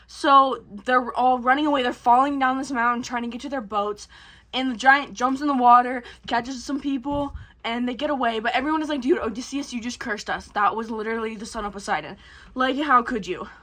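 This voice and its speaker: Brief: a high-voiced woman, chatty recap, slangy and full of swearing. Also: a bit bright. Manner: rambling, slangy, swears a lot. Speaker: vlogger. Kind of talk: casual movie recap.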